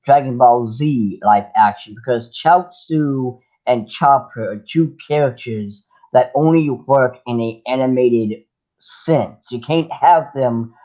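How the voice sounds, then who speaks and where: A man's voice: medium pitch, slow pace, dark tone, dull audio. A man hosting a casual livestream chat, musing skeptically. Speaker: livestream host.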